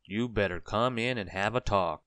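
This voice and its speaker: A man voicing a kindly, calm gentleman in a storybook reading, slow, measured and reassuring. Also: fairly low pitch, no room sound, lightly acted.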